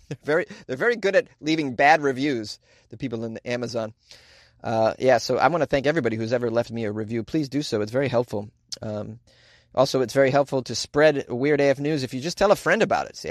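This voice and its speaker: A man's voice: medium pitch, animated, fast, no room sound, clean studio sound. A middle-aged man with a Boston accent hosting a comedic news podcast, joking and ranting sarcastically, recorded in a small closet. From Boston, USA. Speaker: podcast host.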